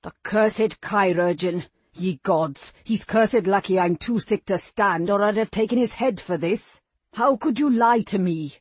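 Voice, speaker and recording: A gruff, bedridden warrior lord bellowing curses, loud and a little lower than the reader's own voice, as a woman narrator puts him on. His tone is slightly husky and dry, like a storybook being read aloud. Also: unhurried, dry recording. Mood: furious. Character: angry sick old male warrior lord.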